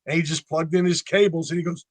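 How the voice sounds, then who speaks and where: Talking fast in a dry recording, this man in his sixties from North Carolina, who plays in a band, shares stories in a relaxed interview. His voice sits a little high, and he animatedly performs the voices of the characters involved.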